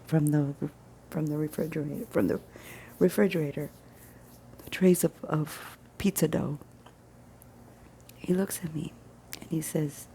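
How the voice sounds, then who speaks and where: A woman with a low, gravelly, mellow voice tells a personal story straight to camera. She speaks earnestly and with emphasis, often sinking into a hushed near-whisper. A faint hum of noise sits behind her. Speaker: vlogger. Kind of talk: casual vlog storytelling.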